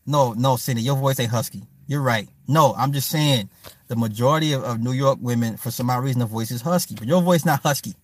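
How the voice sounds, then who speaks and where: A man's voice: medium pitch, a little fast, no echo. A man hosting a livestream, riffing casually with loose, profane jokes and answering viewers by name. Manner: talks to viewers and chat by name. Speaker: livestream host. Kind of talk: casual commentary chat.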